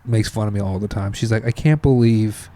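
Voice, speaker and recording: A man's voice: lowish voice, brisk, no room sound. A young married man, a comedian guest, telling self-mocking stories in a casual chat. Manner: animated, self-mocking storyteller.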